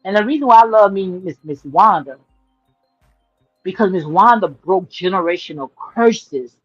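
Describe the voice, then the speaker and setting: A woman's voice: mid-range voice, animated, normal speed, husky, no echo, highs cut off, faint music behind. A woman hosting a casual livestream on her phone, talking in a sassy, emphatic way, repeating her points and calling listeners "honey.". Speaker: livestream commentary host.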